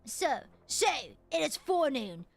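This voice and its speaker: A woman voicing a gruff, defiant older male dwarf foreman in a video game, reading his lines in character with a blustering, dismissive manner. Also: high voice, very animated, a little slow, soft background music, full character voice.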